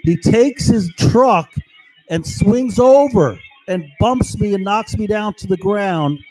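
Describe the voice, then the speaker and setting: A man's voice: sits high, takes it slowly, darkish tone, soft background music, poor audio. A man ranting angrily and rambling about his grievances, swearing often. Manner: profane, agitated. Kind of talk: angry personal rant.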